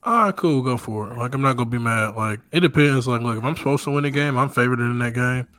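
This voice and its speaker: A man's voice: mid-range voice, fast, dry recording. A man with an everyday mid-range voice argues football calls in loose slang. He talks with energy and keeps his co-host close in the conversation. The recording is dry and close-miked. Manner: animated, says bro often. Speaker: podcast co-host. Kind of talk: casual sports chat.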